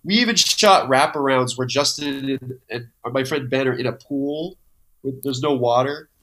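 Animated, bright-voiced storytelling man. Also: medium pitch, moderate pace. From Modesto, California. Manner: animated, swears freely, acts out quotes. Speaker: guest, comedy creator. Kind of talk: casual storytelling chat.

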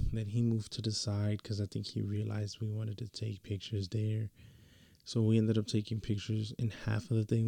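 Young man, casual slangy storyteller; low, mellow, dark tone. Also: creaky, dry recording. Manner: relaxed and slangy, with lots of fillers and restarts.

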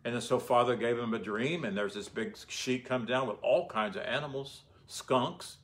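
A man's voice: medium pitch, moderate pace, fairly bright tone. A man giving informal Bible teaching in a conversational way, often asking his listeners rhetorical questions.

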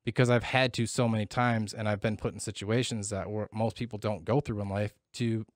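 Middle-aged male co-host, low voice, reflective and foul-mouthed, close and dry. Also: steady tone, fairly quick, dry recording. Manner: candid, profane, reflective. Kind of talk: casual chat.

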